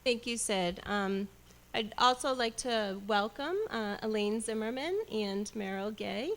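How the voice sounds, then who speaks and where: A woman moderating a panel discussion, friendly and quick to laugh as she puts questions to the panelists. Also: mid-range voice, rough recording.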